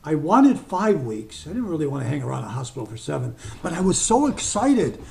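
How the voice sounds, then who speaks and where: Older male hypnotist, slightly high voice, storyteller who shifts to slow gentle suggestions. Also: big pitch swings, gravelly. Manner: storytelling, slows to soft deliberate suggestions. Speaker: hypnotist speaker. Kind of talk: talk to an online group, with guided suggestion.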